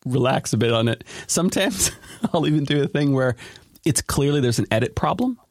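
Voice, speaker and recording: A man hosting a daily podcast, chatting casually with a colleague. He talks in a quick rush and laughs often. His voice is dry and close, with no room around it. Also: mid-range voice, dry recording. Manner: fast, animated, laughs often. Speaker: podcast host. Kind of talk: casual chat.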